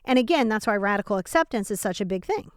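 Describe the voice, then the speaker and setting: Talking fast in an expressive, mid-range voice, a woman hosts a self-help podcast from her home. She addresses the listener directly, casually and with emphasis, tossing out frequent rhetorical questions; the audio is clean, studio-like and echo-free.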